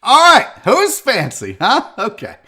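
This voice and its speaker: A man hosting a live sports and entertainment show, chatting loosely with viewers and reacting loudly and profanely to a clip. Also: very high-pitched, huge pitch swings, a little slow, music in the background. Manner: loud, profane and joking, often laughing and shouting while reacting to clips; rambling, chatty asides to viewers by name. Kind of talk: casual live-stream commentary.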